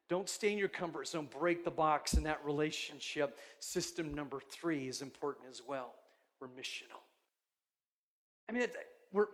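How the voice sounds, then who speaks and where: A man with a notably high voice preaches a sermon, earnest and emphatic, and often restarts his phrases as he builds a point. He sounds middle-aged and talks like a pastor speaking to his congregation.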